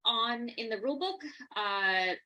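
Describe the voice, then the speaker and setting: A woman's voice: fairly high pitch, expressive, unhurried, bright, forceful tone, rough recording. A woman playing a tabletop game, pointing others helpfully to the rule book with some hesitation. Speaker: player. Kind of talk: casual tabletop game chat.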